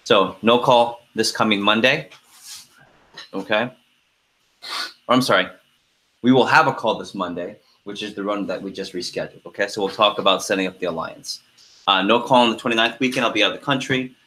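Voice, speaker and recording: A middle-aged man leads a team conference call in an animated, chatty way, laughing as he tells stories before moving to business. His voice sits low yet sounds bright and forward. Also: a little fast. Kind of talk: casual storytelling then call agenda.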